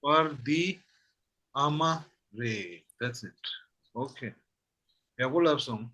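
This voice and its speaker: A man teaching a language class, repeating phrases slowly and patiently. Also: medium pitch, expressive, bright, forceful tone. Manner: repeats phrases slowly, says "that's it" often. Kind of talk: slow patient language lesson.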